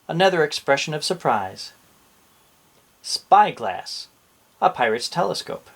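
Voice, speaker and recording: A man's voice: fairly high pitch, very animated, unhurried, vocal fry, long pauses. A man hosting a children's show, reading a picture book aloud as a theatrical pirate captain full of playful pirate slang. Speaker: storybook reader and show host.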